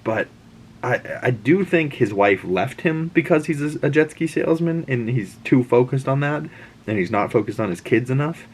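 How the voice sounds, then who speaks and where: A man's voice: mid-range voice, animated, moderate pace, slight background noise. A man hosting a casual episode breakdown, rambling and chatty with frequent restarts and asides. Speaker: host.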